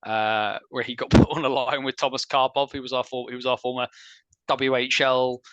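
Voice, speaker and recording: A man hosting a casual sports podcast, chatty and opinionated, with quick asides. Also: mid-range voice, little pitch movement, fairly bright tone, no echo, muffled recording. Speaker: podcast host.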